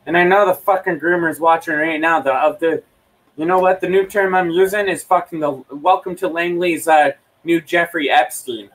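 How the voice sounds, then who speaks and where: A man's voice: fairly high pitch, steady tone, normal speed, fairly bright tone, far from the mic, rough recording. A young man ranting heatedly at home, swearing a lot and repeating himself as he livestreams. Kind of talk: angry profane rant.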